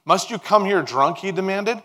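Guy pastor preaching, lively and emphatic, kinda high voice. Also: moderate pace. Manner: animated, emphatic preaching with laughs and voiced asides. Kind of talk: sermon.

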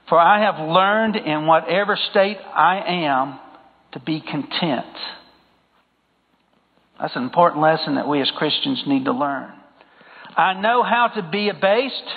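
A man preaching a sermon in an emphatic style, repeating phrases and putting questions to the congregation. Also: a little high. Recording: phone-like sound with long hall reverb.

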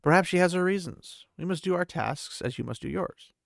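A calm, stubborn young woman, as a man reads her lines in his own voice. The delivery stays level and composed. His voice is gravelly and recorded close and dry, like storybook reading. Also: high-pitched, brisk, dry recording, voice pushed up.

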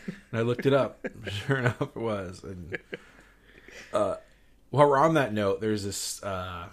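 A man's voice: fairly low pitch, unhurried. A man co-hosting a casual movie podcast, telling stories animatedly and laughing as he talks. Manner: animated storyteller, laughs while talking. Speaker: podcast co-host.

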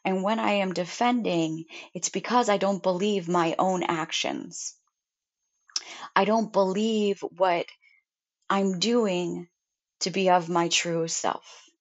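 A young woman, a mother, talking earnestly and deliberately about gratitude in a reflective self-help monologue. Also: lowish voice. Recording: dull lo-fi sound.

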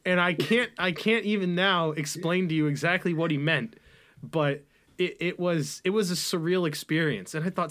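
A young man co-hosting a podcast, talking in a rambling, animated way and mocking what he describes. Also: on the high side, normal speed. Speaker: podcast co-host. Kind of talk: casual podcast chat.

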